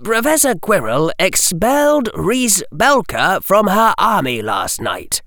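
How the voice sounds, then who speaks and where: A man voicing an earnest, intense young boy wizard, raising his voice into a higher register. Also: very animated, slow pace, pushed and bright, no echo, studio quality, exaggerated voice.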